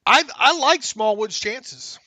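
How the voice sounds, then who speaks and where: A man hosting a casual sports podcast, opinionated and halting, often restarting his sentences. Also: extremely high pitch, lively intonation, pushed and bright, no echo. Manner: halting, opinionated, self-deprecating. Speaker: podcast host.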